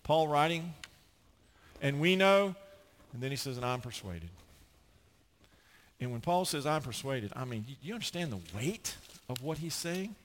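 This middle-aged American pastor delivers a sermon at a normal speed in a mid-range voice. He's an animated storyteller who acts out the people he quotes.

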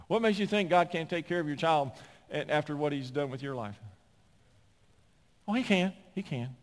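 Animated preacher, fairly high voice. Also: male voice, moderate pace. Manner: animated, rising to near-shouting. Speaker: pastor. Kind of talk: sermon. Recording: long hall reverb.

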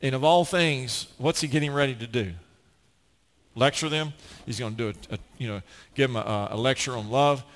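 A man's voice: medium pitch, normal speed, big-room sound. A man preaching a sermon as pastor, earnest and emphatic, often restarting his phrases.

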